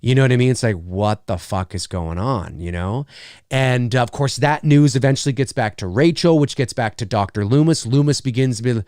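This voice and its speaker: The recording is dry and studio quality, and the man's voice sits at medium pitch. He's a middle-aged live streamer who rambles casually and animatedly, swears freely, acts out quick asides, and replies to what viewers write.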